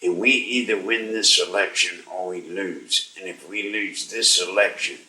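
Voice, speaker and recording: Older guy on talk radio, low voice, slow and strained, kinda pleading, roomy echo like he's away from the mic. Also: pushed and bright, recorded from a distance. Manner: slow, strained, pleading and urging listeners to act. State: weak and unwell, struggling to speak. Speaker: radio talk show host. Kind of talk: live talk radio monologue.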